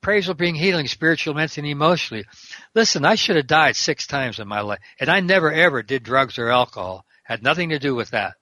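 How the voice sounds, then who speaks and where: A man's voice: a little high, lively intonation, quick pace, sharp tone, dry recording. An older man, a prison minister and guest, talking fervently in an interview and quoting scripture verse by verse. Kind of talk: preaching interview talk.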